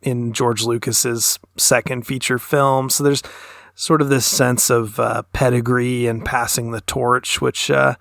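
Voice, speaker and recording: This man co-hosts a podcast in a casual discussion, speaking thoughtfully and analytically in long, winding sentences. His voice is medium-pitched, level, a little slow, creaky and slightly bright. The studio recording is clean, with no echo.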